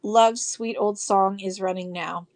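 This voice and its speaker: A woman's voice: mid-range voice, fairly even intonation, a little slow, darkish tone. A woman selling vintage postcards on a live stream, gushing over each card and reading verses aloud in a chatty way. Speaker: live online auction seller.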